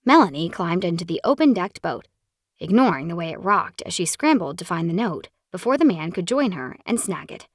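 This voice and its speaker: Brief: woman audiobook narrator, animated and expressive, slightly low voice, dry booth sound. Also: a little fast, no room sound. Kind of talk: scripted romance narration.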